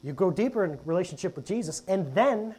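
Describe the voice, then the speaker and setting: A pastor with a high-pitched, lively, warm and slightly rough voice preaches briskly to his congregation in a church hall. He's conversational and chatty, often calling them "guys" and tossing in jokes.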